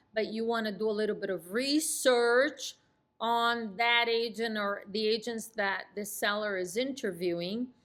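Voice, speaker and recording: A woman's voice: medium pitch, a bit bright. A woman coaching real estate agents, walking through a phone script and acting out its lines with an assertive, downward tone. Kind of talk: teaching a sales script.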